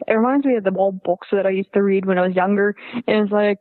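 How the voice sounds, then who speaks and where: A woman chatting casually, telling stories in an animated way and laughing often. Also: medium pitch, fast talker, hardly any pauses, no room sound. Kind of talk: casual chat. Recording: tinny phone line.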